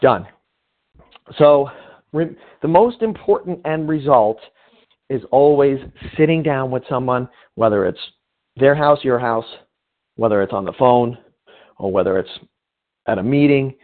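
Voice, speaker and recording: A man's voice: mid-range voice, lively intonation, a little slow, pauses often. A man giving informal coaching advice in a conversational way, often restarting his phrases. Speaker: sales coach. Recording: tinny phone-like sound.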